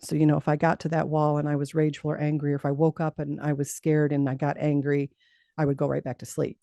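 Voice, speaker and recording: Gravelly, warm-voiced woman telling her story. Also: deep voice, little pitch movement, quick pace, no room sound, studio quality. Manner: earnest, laughs often, repeats words as she talks. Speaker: interview guest. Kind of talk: personal storytelling in an interview.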